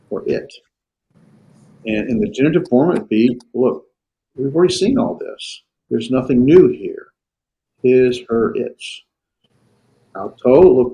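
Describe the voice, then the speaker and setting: A man teaching a Greek grammar class in a classroom, his voice at an everyday middle pitch. He talks in a halting way, trailing into fillers and restarting sentences. Now and then he stops to check that his students are following. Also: darkish tone, rough recording. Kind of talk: classroom lecture.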